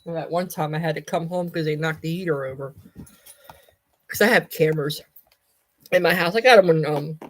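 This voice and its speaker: A Southern woman chats loosely on a home live stream, rambling from one small topic to the next. Her voice sits a little low for a woman, and her talk stays easygoing and unhurried. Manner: chatty, rambling, calls to her cat in a high voice. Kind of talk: casual live stream chat.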